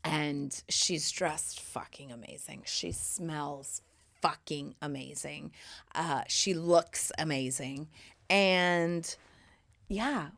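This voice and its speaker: Solo podcast host, woman in her thirties, slightly low-pitched, animated and foul-mouthed, loud bursts and whispery asides. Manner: animated, swears freely, swings between loud bursts and hushed asides. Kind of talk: casual solo podcast talk.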